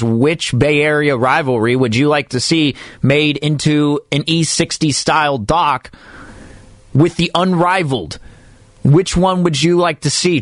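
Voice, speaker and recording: A man's voice: on the high side, dry recording, studio quality. A man hosting a sports radio show, talking in a comic, mock-dramatic way. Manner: animated, mock-dramatic, comic slam-poetry delivery.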